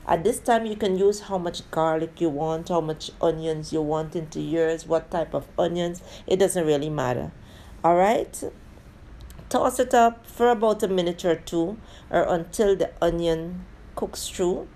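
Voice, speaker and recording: A woman with a warm, lowish voice hosts a casual cooking tutorial for her channel, walking viewers through each step. She's chatty, tosses in friendly asides, and keeps addressing them as "guys." There's slight background noise.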